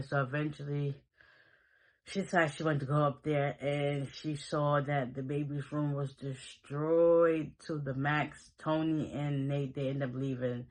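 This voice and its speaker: A man with a slightly high voice recaps a TV episode in loose, casual chat. He rambles from scene to scene, slipping into quick quoted lines from the characters. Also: little pitch movement, poor audio. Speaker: show recap host.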